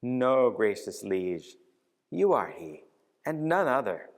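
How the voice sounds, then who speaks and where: A man's voice: mid-range voice, very animated, slow pace. A man reading as a devout young maiden. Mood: tender. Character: devout young peasant woman, tender and sure. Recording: reverberant church hall.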